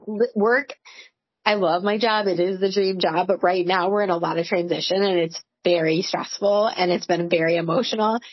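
A woman's voice: lowish voice, steady tone, normal speed, breathy edge, no echo, muffled recording. A woman in her forties, a podcast co-host, telling candid stories in casual chat, full of "like" and swearing. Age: 40s. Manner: candid, swearing, storytelling with lots of "like".

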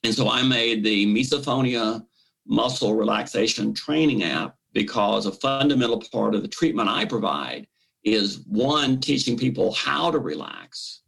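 Man, gravelly, animated therapist-guest explaining step by step. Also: mid-range voice, normal speed, low-quality recording. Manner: animated, acts out the brain's voice in quotes. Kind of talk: explanatory interview talk.

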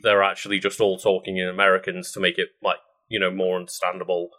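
A man co-hosting a casual podcast chat, reading out film facts with frequent ums and pauses. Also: low voice, monotone, pushed and bright. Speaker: podcast co-host.

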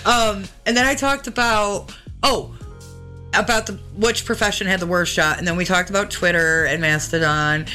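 A woman's voice: fairly low pitch, normal speed, sharp tone, faint music behind. A woman co-hosting a casual podcast chat, giggly and often losing her train of thought. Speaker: podcast co-host.

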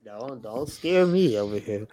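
Joking man with a lively voice. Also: mid-range voice, a little slow. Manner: joking, teasing. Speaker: podcast co-host. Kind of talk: casual chat.

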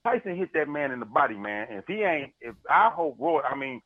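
A man's voice: on the high side, a little fast, dry recording, phone-quality sound. A man co-hosting a podcast, telling a story in casual sports chat with lots of energy and paraphrase. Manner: animated storyteller, paraphrasing and laughing. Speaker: podcast co-host.

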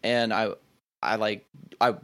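A man's voice: fairly low pitch, fairly even intonation, slow pace, a bit bright. Young man rambling reflectively. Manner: rambling, reflective, heavy use of "like" and restarts. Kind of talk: casual conversation.

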